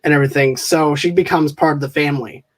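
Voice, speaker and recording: High-pitched guy on a movie podcast, jokey, keeps laughing at his own bits. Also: fairly even intonation, fast talker. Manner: laughs often, joking and playful. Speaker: podcast co-host. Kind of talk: casual movie review chat.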